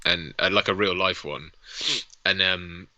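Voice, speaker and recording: A man's voice: sits low, steady tone, measured pace, bright, forceful tone, no room sound, lo-fi sound. A man, an actor co-hosting a film watch party, trading playful jokes and laughing. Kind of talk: casual watch-along banter.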